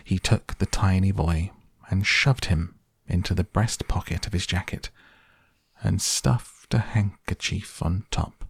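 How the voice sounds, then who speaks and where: A male storyteller reading an audiobook in a measured, expressive way. His voice is very low and unhurried, with a gravelly, husky texture, recorded dry and close. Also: no room sound. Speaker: narrator. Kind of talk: scripted audiobook narration.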